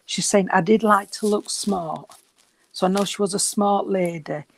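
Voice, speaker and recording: A man giving a reading at a service, gentle and reassuring, and short of breath. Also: high-pitched, steady tone, normal speed, vocal fry. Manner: gentle, reassuring, calls people sweetheart. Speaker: spiritualist medium.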